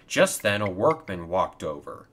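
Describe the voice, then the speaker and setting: Lively male storybook narrator. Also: low-pitched, measured pace.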